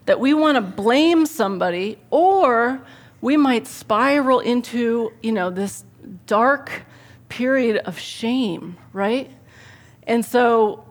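A middle-aged woman preaching a sermon to a church, chatty and animated, often tagging her points with "right?" and laughing at her own stories. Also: medium pitch. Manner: conversational, tags points with "right?". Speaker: speaker at a church service.

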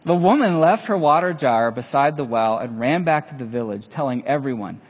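A man preaching with a lively voice that swoops up and down as he acts out the people in his story. His tone is a bit husky, and it rings with a long reverb from a large hall. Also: medium pitch, a little fast, few pauses. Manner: animated storytelling, acting out quoted lines. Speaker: pastor. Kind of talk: sermon.

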